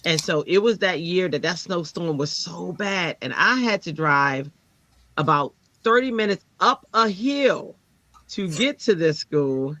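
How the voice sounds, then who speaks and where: A woman, a teacher, telling a personal story in casual chat and acting out the people she quotes. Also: a little slow. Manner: animated, acts out quoted people with jumps in pitch.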